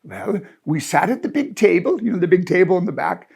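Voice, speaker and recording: A man voicing a serious, literal-minded German musician with a German accent, formal and deadpan. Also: sits high, fairly quick, gravelly, slightly rough, exaggerated voice.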